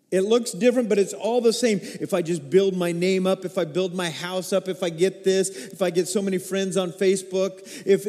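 A middle-aged male pastor delivers a sermon in a high, mellow voice. He tells stories with feeling and swings up into excited, rising peaks. His voice rings through a church hall with a long reverb.

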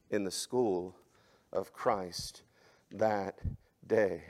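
A male pastor with a medium-pitched voice delivers a sermon, swinging between loud, emphatic exhortation and soft, hushed passages.

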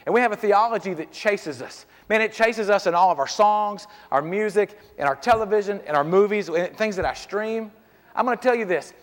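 A man's voice: high voice, a little fast. A middle-aged male pastor preaching a casual, joking sermon, often dropping "man" as he talks, in a church. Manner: lively, conversational, joking, peppered with "man". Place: church sanctuary. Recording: long reverb of a church hall.

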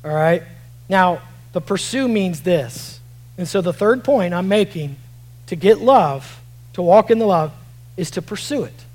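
A man with a high voice preaches a sermon. He swings between loud, shouted emphasis and quiet, low passages as he reads verses aloud. He often stumbles over repeated words and restarts his phrases. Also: lively intonation, unhurried, low-quality recording. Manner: repeats words and restarts while reading scripture. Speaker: pastor.

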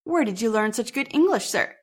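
A woman's voice: fairly high pitch, animated, fairly quick. A woman voicing a male English explorer who asks startled questions. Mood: surprised. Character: surprised English explorer, man.

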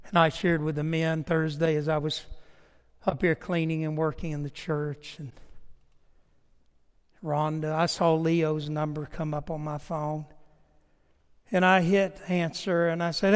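A man's voice: fairly high pitch, level tone, takes it slowly, long pauses, clear, resonant tone. Earnest man preaching in a church. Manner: earnest, emphatic preaching in short repeated phrases. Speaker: pastor. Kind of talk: sermon with personal storytelling. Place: church sanctuary. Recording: long church reverb.

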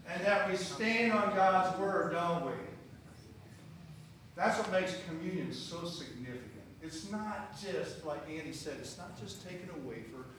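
Slow-talking male preacher in an echoey hall. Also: high voice, fairly bright tone. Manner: conversational, asks the congregation questions. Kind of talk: sermon with scripture reading. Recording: very echoey, distant, faint room noise.

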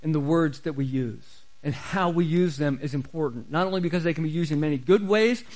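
High-voiced emphatic male preacher. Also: fairly quick, darkish tone, low-quality recording. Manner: emphatic, repeats key phrases for stress. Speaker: pastor. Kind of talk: sermon.

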